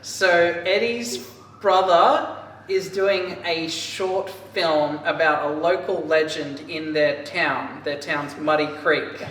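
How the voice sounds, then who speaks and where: A man casually recapping a book for a podcast, rambling and animated, with lots of filler words. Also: on the high side, slow. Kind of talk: casual chat. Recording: echoey room, distant mic, faint hiss.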